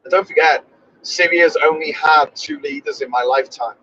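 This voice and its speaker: A man's voice: on the high side, normal speed, bright, forceful tone. A man hosting a casual chat, rambling and opinionated, correcting himself as he goes. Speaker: podcast host. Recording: dull lo-fi recording.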